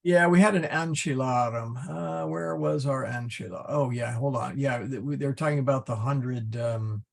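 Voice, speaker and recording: A middle-aged man teaching a Latin class, halting, with many fillers and restarts. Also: mid-range voice, creaky. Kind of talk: class lesson.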